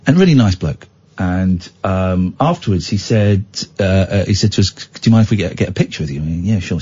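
Animated British man hosting radio chat. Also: lowish voice, slightly rough. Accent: British English. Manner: animated storytelling, imitating others, exclaiming. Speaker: radio show host. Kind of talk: casual on-air chat. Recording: dull lo-fi radio sound.

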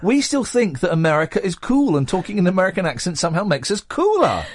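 A middle-aged man hosting a radio show, chatting casually and telling stories in an animated way from a studio microphone. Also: high voice, fast, dry recording. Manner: chatty, animated storytelling, laughs easily. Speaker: radio host.

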